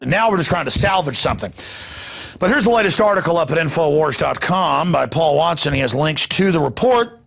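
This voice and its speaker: Gravelly, husky ranting male talk host. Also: fairly high pitch, expressive, brisk, fairly bright tone. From United States. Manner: ranting, sarcastic, mocking asides. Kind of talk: talk radio rant.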